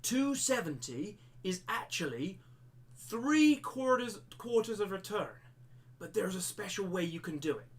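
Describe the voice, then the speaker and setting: A man's voice: high voice, lively intonation, normal speed. A man teaching a live-streamed maths lesson step by step, slipping into a jokey pirate-like accent. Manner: explains step by step, repeating himself.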